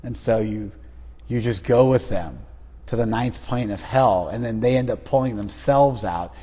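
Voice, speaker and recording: A man with a slightly husky voice leads a lively class, teasing his students and acting out little scenes. His voice carries a long reverb from a large room. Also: medium pitch, moderate pace. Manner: teasing, animated, acts out quoted voices. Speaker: spiritual teacher leading a class.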